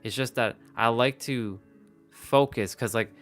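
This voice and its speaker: A man hosts a live stream, chatting casually to the camera and rambling with lots of restarts. His mid-range voice is fairly bright in tone and a little slow, with soft music in the background. He is picked up by a phone or webcam mic facing the camera.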